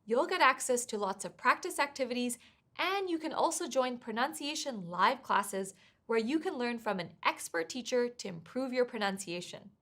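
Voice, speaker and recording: Clear, measured woman teaching test prep. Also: fairly high pitch, animated, fairly bright tone. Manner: clear, measured, encouraging explanation. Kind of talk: scripted instructional narration.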